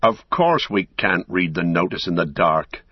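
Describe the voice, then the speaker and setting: A man voicing a defiant male hobbit in an audiobook, shouting back. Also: sits low, big pitch swings, measured pace, breathy edge, no room sound, lo-fi sound, exaggerated voice.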